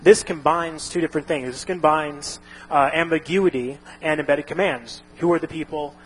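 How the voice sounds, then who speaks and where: A man's voice: on the high side, normal speed, a little hiss or hum, rough recording. A man casually explaining a topic, rambling with frequent restarts and fillers. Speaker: instructor.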